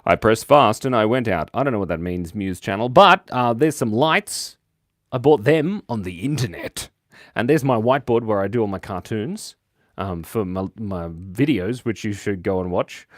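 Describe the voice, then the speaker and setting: Lively Australian man chatting on a livestream. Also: fairly low pitch, normal speed, no room sound, studio quality. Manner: chatty, jokey, reads chat aloud, laughs often. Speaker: livestream host and cartoonist. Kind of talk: casual livestream chat while drawing.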